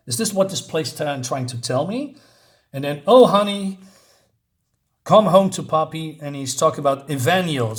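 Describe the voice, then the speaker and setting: Male comic reviewer, fairly high voice, blunt and sarcastic, casual delivery.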